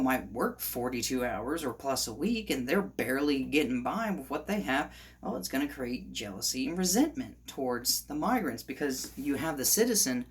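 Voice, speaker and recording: A man giving a heated opinion monologue on his vlog, ranting and sometimes rising to shouts. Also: mid-range voice. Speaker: commentator.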